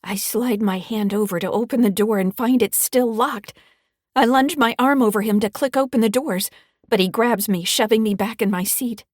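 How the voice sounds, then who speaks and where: A woman's voice: fairly high pitch, moderate pace, no room sound, lightly acted. A woman narrating an audiobook as a frightened teenage granddaughter, shaky and pleading, in a dry close recording. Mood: tense.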